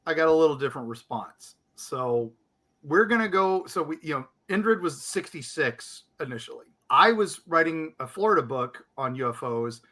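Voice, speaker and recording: A man with a bright, forceful voice sitting a little high for a man, co-hosting a paranormal podcast. He chats casually and tells stories with animation, slipping into quick impressions of how people react. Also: animated. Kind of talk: casual chat, storytelling.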